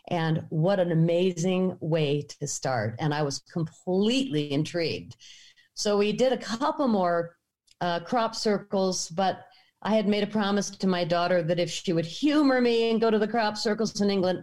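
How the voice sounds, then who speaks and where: A middle-aged American woman telling a personal story in a lively way, acting out the voices of the people in it. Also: on the low side, moderate pace. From United States. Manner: animated, acts out quotes.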